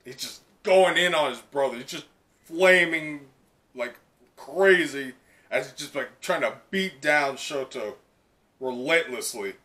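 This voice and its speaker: A man hosting a live comic reaction who talks in an excitable, rambling way with lots of "like". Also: fairly high pitch, measured pace. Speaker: reaction video host.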